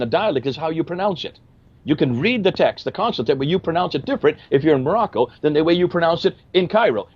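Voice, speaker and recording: A man's voice: a little high, slightly rough, dull audio. A man explaining at length in a discussion, emphatic and fond of rhetorical questions. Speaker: Christian apologist explaining history. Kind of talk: lecturing discussion.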